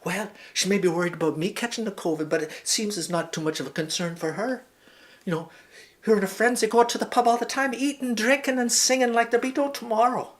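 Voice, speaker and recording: A man's voice: sits high, fast talker, lightly acted. A man voicing a cheerful Irish male farmhand with a put-on Irish accent, in a folksy, rambling comic monologue. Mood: chatty. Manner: chatty and folksy, with rambling asides.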